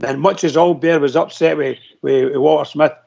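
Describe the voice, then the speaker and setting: Caller, rambly and emphatic, dull lo-fi sound. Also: male voice, fairly high pitch, fairly even intonation, normal speed, vocal fry, a little mellow. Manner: rambling, emphatic, laughs while talking. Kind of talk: casual phone-in chat. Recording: muffled lo-fi phone-in audio.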